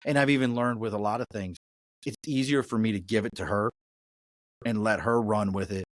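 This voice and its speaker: A middle-aged business owner from the Mid-Atlantic US, speaking with a Baltimore accent, chats casually as a podcast guest. His voice sits lowish and steady, moves fairly quickly, and has no echo. He tells his stories bluntly and with plenty of profanity.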